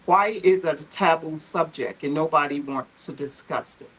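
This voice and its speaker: A woman's voice: deep voice, normal speed, a little hiss or hum, poor audio. A woman, founder of a photo therapy group, telling her personal story on a livestream video call in a heartfelt, emotional, earnest way.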